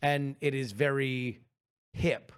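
A man's voice: medium pitch, fairly even intonation, takes it slowly, smooth. A man co-hosting a comedy podcast, riffing emphatically and swearing casually. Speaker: podcast co-host.

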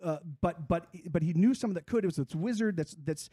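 Brief: scared little boy, tumbling run-on sentences, fast, played by a man telling a joke. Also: sits high, warm tone, breathy edge, no room sound, clean studio sound. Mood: anxious. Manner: breathless run-on retelling. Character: scared eight-year-old boy in tears.

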